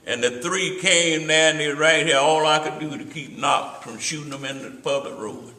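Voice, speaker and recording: A man's voice: a little high, moderate pace, bright, forceful tone. An older man, telling rambling stories with asides to his listener in an oral history interview. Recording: roomy echo.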